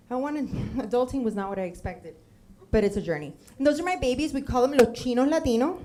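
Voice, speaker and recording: With a slightly mellow voice on the high side, this woman performs a funny personal story in a theater. She's in her thirties, from Miami, and imitates the voices of everyone she quotes.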